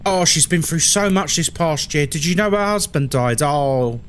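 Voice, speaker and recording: A man's voice: fairly high pitch, expressive, moderate pace, slight background noise, lightly acted. A man with a London accent voicing a gossipy elderly nan from London who fusses and repeats her sympathetic phrases. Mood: fussing.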